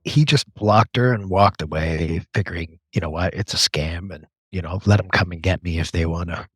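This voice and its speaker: A man's voice: sits low, moderate pace, fairly bright tone, husky, dry recording, studio quality. A man, a podcast guest telling stories in a laid-back, wry way. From Canada. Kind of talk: casual podcast chat.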